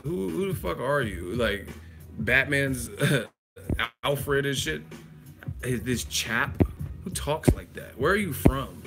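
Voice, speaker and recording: A man's voice: medium pitch, expressive, slow pace, vocal fry, over loud music. A man hosting a live chat stream, roasting a viewer in a profane, mocking, laughing way. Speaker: livestream host.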